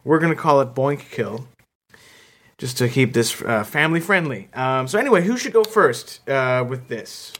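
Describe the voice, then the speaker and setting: A man co-hosting a comedy podcast, deadpan and full of hesitant ums. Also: medium pitch, moderate pace. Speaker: co-host.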